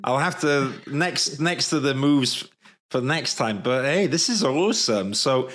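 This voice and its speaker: A man with a Welsh accent hosting a casual video-call chat, jokey and self-deprecating, easily excited. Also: mid-range voice, a little slow.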